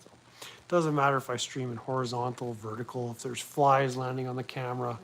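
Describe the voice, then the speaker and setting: This man's mid-range voice is fairly bright with vocal fry, fairly even intonation and a fairly quick pace, heard through a rough recording. He's casually hosting a livestreamed talk from his laptop at home, rambling, crude and quick to mock himself.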